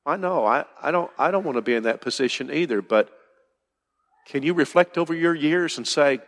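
A man's voice: fairly high pitch, lively intonation, brisk, a bit bright. An older man preaching a conversational sermon to his congregation in church, with emphatic questions. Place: church hall. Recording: roomy hall reverb.

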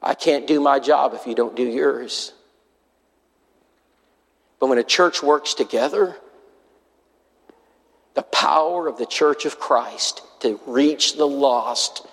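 A man preaching a sermon, telling a story in an earnest way and acting out the other people's lines. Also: medium pitch. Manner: earnest, acts out quoted voices. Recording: long hall reverb.

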